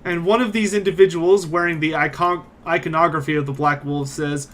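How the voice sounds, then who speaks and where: A man with a somewhat high voice narrates a tabletop game as game master. He is animated and lively as he describes the scene. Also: fairly quick, few pauses. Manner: animated, voices every figure.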